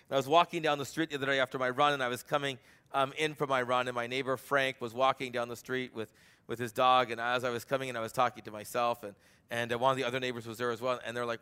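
Bright-voiced man preaching with swells. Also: mid-range voice, moderate pace. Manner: swings from loud emphatic preaching to quiet intimate storytelling. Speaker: pastor. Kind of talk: sermon.

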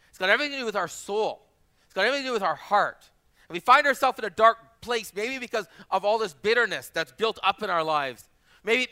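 A man in his forties, a pastor preaching a sermon, telling personal stories and repeating phrases for emphasis. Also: high voice. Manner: animated storyteller, acts out quoted voices.

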